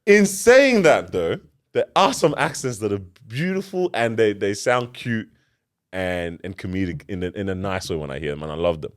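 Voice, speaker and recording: A man co-hosting a podcast, talking in a casual, slangy, animated way. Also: fairly low pitch, normal speed, clear, resonant tone. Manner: animated, slangy, laughs often. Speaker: podcast co-host. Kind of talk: casual chat.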